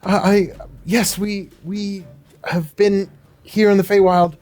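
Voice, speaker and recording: A man voicing an earnest, worried mother in a tabletop game, talking in halting, rambling bursts. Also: sits high, level tone, darkish tone, pitched above the performer's own voice. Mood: relieved. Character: worried mother mage, middle-aged woman, earnest.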